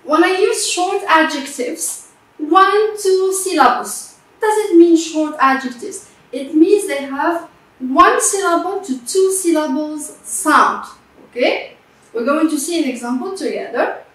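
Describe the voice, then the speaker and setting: Woman teacher, high voice, slow patient delivery, echoey classroom heard from afar. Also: fairly bright tone. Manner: slow and patient, repeats words and checks with "okay?". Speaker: English teacher. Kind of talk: classroom grammar lesson. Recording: echoey room from a distance.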